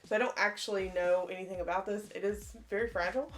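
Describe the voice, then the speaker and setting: Casual female co-host, chatty and eager, mid-pitched voice. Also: steady tone, quick pace. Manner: chatty, enthusiastic, says "like" often. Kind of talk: casual collection show-and-tell.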